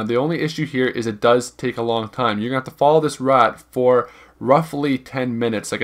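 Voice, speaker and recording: Young male gaming creator, casual walkthrough voice-over, mid-pitched, loose and rambling. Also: fairly bright tone. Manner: rambling and informal, hedges numbers, repeats himself. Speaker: gaming video guide creator. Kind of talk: casual gameplay walkthrough narration.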